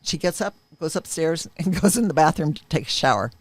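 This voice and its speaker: A woman's voice: low voice, animated, brisk, no echo. A woman in an interview, earnestly retelling a personal experience with vivid, emphatic moments. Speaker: interviewee sharing a personal testimony. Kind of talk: emotional personal storytelling.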